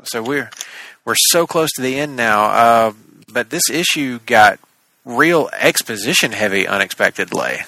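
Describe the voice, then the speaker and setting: A man co-hosting a casual comics podcast, talking in long, rambling, animated runs with fillers and laughs. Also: mid-range voice, a little slow, no echo, low-quality recording. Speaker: podcast co-host. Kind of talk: casual chat about comics.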